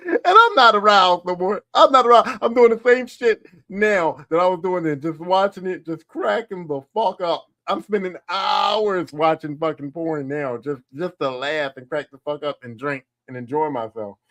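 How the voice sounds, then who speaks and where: Man, podcast host, crude casual monologue, animated and laughing, high voice, dry close sound. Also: normal speed, no room sound. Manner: animated, profane, laughing storytelling.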